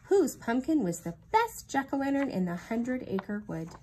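A woman reading a children's storybook aloud in an expressive, sing-song storytelling manner. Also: high voice, normal speed, slight background noise, poor audio. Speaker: reader.

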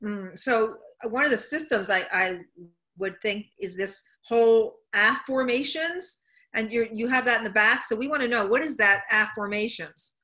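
A woman with a sharp, bright voice hosts an interview over a video call. She chats playfully and jumps in with her own examples. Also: fairly high pitch, normal speed. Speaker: host.

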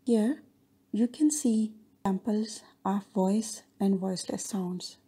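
A woman's voice: medium pitch, steady tone, slow pace, dark tone, breathy edge. A woman giving a linguistics lecture as voice-over narration, reading steadily through definitions and examples.

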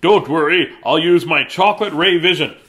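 A man's voice: on the high side, moderate pace, a bit bright, lightly acted. A man doing an eager young storybook boy. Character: excited young boy hero.

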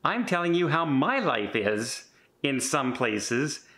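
Pushed and bright, this Canadian vlogger's medium-pitched voice is very animated but slow. In his fifties, he chats casually and rambles with many restarts, earnest and a bit defensive.

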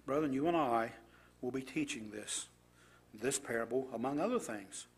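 A man's voice: medium pitch, moderate pace, husky. A man preaching a sermon, reading scripture aloud and commenting with rhetorical questions to his congregation.

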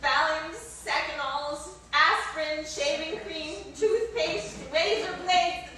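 A woman's voice: high-pitched, steady tone, takes it slowly, sharp tone, full character voice. A woman acting as an exasperated middle-aged wife in a live stage play, recorded from afar in a theater. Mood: sarcastic. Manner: exasperated, sarcastic retorts. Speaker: stage actor. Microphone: distant room mic. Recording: echoey hall, distant, faint noise.

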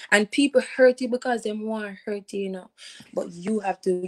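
A woman's voice: medium pitch, normal speed, darkish tone, low-quality recording. A young woman with a Jamaican accent, hosting a youth show and sharing a personal testimony in an earnest way, repeating phrases for emphasis.

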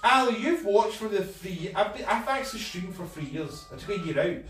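A man's voice: high voice, expressive, brisk, fairly bright tone. A Scottish man streaming while he paints an office, bantering and teasing in slangy, joking chat. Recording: roomy, voice far from the mic, faint music.

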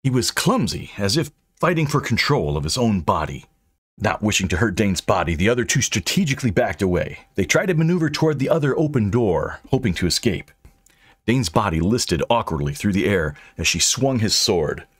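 A man reading his own fantasy serial aloud in a scripted, dryly humorous style. His low voice is husky and moves through a wide, lively range of pitch. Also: moderate pace. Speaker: audiobook narrator and author. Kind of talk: scripted narration with dry humor.

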